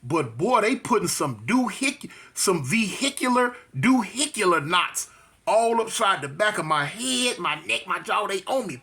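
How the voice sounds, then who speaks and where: Raspy dude telling a street story, high bright voice, goes up and down a lot, does the punch sounds. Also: male voice, animated, a little slow. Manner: acts out voices and fight sounds, slangy.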